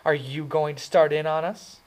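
A man reading aloud and voicing a cool, sharp-tongued teenage girl in a raised voice. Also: a little high, steady tone, moderate pace, pitched above the performer's own voice, natural voice, poor audio. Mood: biting. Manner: biting, dismissive.

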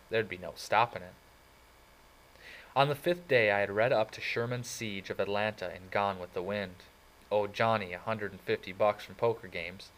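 A man with a low voice reads a novel aloud in the first person. His telling is plain and even, a steady audiobook narration. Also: rough recording.

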